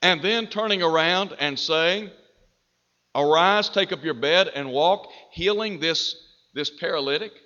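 A man preaching a sermon, slow and deliberate, with emphatic rises on key phrases. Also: on the high side, pushed and bright. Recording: dull reverberant hall.

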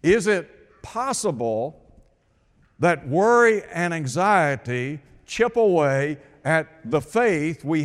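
A man preaching a radio sermon, asking rhetorical questions and repeating his points for emphasis. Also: on the high side. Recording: long hall reverb.

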